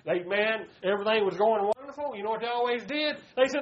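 A man's voice: very high-pitched, unhurried. A man, preaching a folksy sermon and calling his listeners "buddy.". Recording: dull lo-fi recording.

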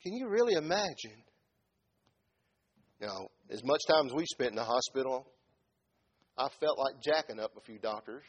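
Husky-voiced preacher, quiet then shouting. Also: male voice, medium pitch, lively intonation, moderate pace, long pauses. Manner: swings from quiet talk to loud shouted peaks. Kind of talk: sermon.

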